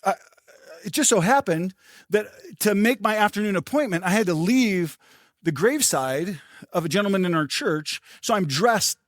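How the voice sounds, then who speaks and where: An older male pastor delivers a sermon with lively storytelling, slipping into voices for the people he quotes. His voice sits a little high for a man. The sound is dry and close, with no room around it. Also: normal speed, no room sound.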